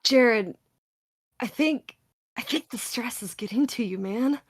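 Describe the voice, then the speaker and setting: A woman playing a confused young man who answers his friend with blunt, profane exasperation, pitched lower than her own voice. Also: slow, breathy edge, no room sound, clean studio sound. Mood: exasperated. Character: baffled, swearing young man.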